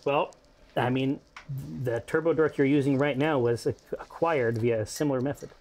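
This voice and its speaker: A man's voice: medium pitch, fairly even intonation, normal speed, darkish tone. A man chatting casually while painting miniatures, wordy and dry, searching for exact terms.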